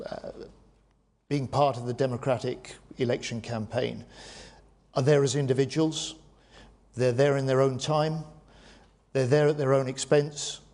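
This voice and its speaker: A man, a minister running a press conference, who answers questions in a firm, measured way. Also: medium pitch, a little mellow.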